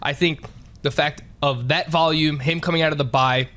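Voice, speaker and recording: A man with a slightly high voice talks football in a laid-back way. He often doubles back on words before landing his point. His delivery is unhurried and conversational. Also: steady tone, pushed and bright. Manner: repeats words while finding his point. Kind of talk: casual sports chat.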